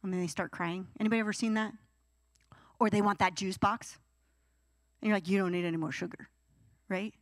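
Young woman preaching at youth service, lively, does whiny teen voices, dry sound. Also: medium pitch, a little fast, pauses often, no room sound. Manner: animated, acts out whiny teenage voices. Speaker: youth pastor. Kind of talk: sermon.

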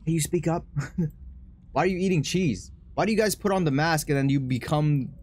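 A man streaming a horror game, joking, excitable and laughing often. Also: fairly high pitch, moderate pace, breathy edge. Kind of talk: horror game let's play commentary.

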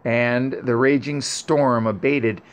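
A man reads an old scripture story aloud in a solemn, measured voice. His pace is very unhurried, each phrase set apart. His pitch sits at an ordinary middle. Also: fairly even intonation. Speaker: reader.

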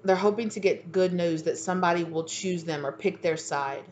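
Sassy low-voiced woman tarot reader. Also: normal speed, a little mellow, a little hiss or hum. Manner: sassy, slangy, laughs at herself. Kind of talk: casual channeled tarot reading.

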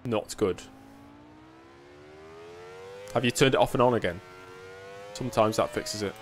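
A man's voice: on the low side, fairly quick, slight background noise. A man giving casual live commentary while sim racing and chatting with viewers, with dry self-mocking humor.

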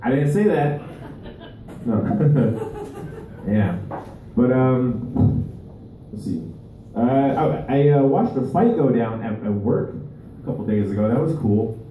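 Male stand-up comic, unhurried rambling delivery, far from the mic in an echoey venue. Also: medium pitch, lively intonation, phone-quality sound, a little hiss or hum. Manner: rambling, halting delivery with many restarts. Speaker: stand-up comedian. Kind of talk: stand-up comedy set. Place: live comedy venue with audience.

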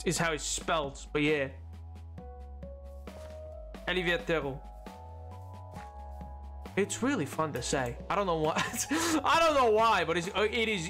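A man's voice: a little high, pushed and bright. A young man streaming a game, chatting casually, answering questions aloud and rambling playfully with lots of self-corrections. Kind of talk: casual livestream chat while gaming.

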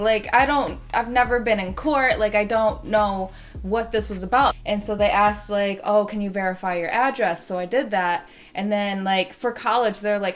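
Young adult woman for a casual storytime video, rambling and excitable delivery. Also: mid-range voice. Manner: rambling, filler-heavy, excitable.

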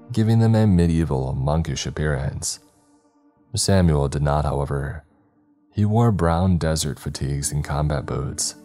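Very deep-voiced male horror narrator. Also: warm tone. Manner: slow, measured, dramatic reading. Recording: faint background music.

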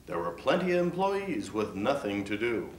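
A man's voice: on the low side, big pitch swings, moderate pace, slight background noise. A man reciting a rhyming holiday poem for a company video. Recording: echoey room.

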